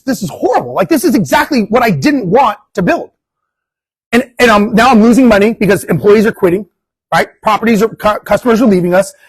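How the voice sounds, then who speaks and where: A man speaking as a guest at an investor meetup, telling a casual, animated story to a live audience, acting out the dialogue and swearing now and then. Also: high voice, slightly rough, dry recording, low-quality recording. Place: meeting room.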